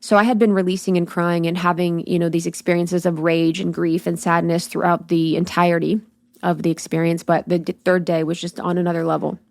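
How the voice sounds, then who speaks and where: A woman's voice: lowish voice, flat delivery, brisk, no room sound. A woman in her thirties hosting a solo podcast, telling a personal story candidly and expressively, swearing freely and acting out her own thoughts. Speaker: podcast host.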